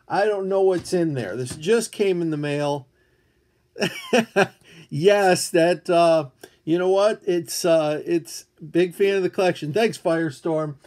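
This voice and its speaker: A man's voice: high-pitched, a little mellow. An older man hosting a rambling live-stream chat, greeting viewers and showing comics. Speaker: comic book YouTuber.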